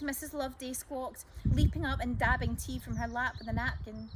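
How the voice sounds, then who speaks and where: A woman storyteller reading a children's chapter book aloud in a lively, expressive way. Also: high-pitched, moderate pace, noisy background.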